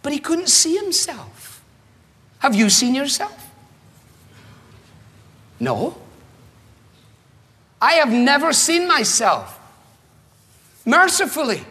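A man preaching a sermon in a rhetorical, animated manner, acting out the voices he quotes. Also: very high voice, in a large hall.

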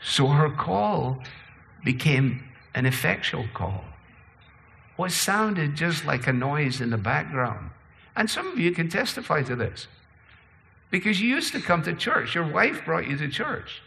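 A man preaching a sermon, shifting between slow, low passages and quicker, higher ones. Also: very animated, creaky, sharp tone, big-room sound. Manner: preaching with sweeping pitch and pace changes. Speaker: pastor.

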